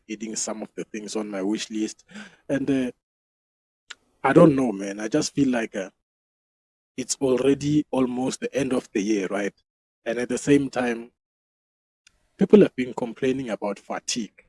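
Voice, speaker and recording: A man's voice: mid-range voice, normal speed, dark tone, slightly rough, no room sound, poor audio. A South African man hosting his own show, talking loosely and profanely and laughing at himself. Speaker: podcast host. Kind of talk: casual solo commentary.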